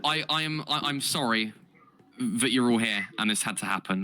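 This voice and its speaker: A man chatting in a gaming voice call, animated and stammering, with a playful tone. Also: medium pitch, normal speed. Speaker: event organizer on a game server. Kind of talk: casual voice chat. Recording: noisy voice chat audio.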